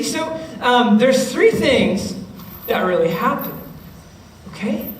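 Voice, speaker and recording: High-voiced man, lively youth speaker. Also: takes it slowly. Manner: animated, acts out students' voices, keeps checking in with the listeners. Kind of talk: youth talk to middle schoolers. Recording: roomy, distant mic with faint noise.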